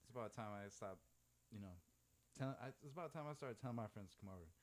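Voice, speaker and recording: Young man, guest on a chat podcast, fairly low voice, loose and profane, lots of "like". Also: expressive, very fast. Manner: profane, heavy use of "like" filler. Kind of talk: casual storytelling chat.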